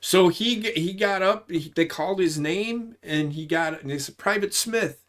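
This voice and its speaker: High-pitched and a touch slow, the voice comes from a man in his forties who served in the army. In casual talk he rambles through his service tales, swearing often and livening up as he narrates.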